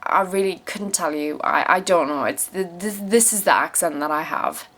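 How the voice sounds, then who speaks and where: A young South African woman with an English-tinged accent reads viewer questions aloud and answers them in a blunt, casual vlog full of swearing. Her voice is lowish and fairly bright, at a normal pace, and she repeats phrases emphatically when giving advice.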